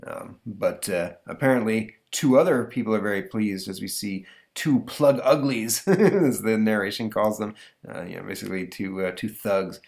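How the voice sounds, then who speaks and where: A man's voice: on the low side, moderate pace, vocal fry, a little mellow. A man hosting a podcast, retelling a comic strip in rambling casual chat with fillers and chuckles. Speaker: podcast host.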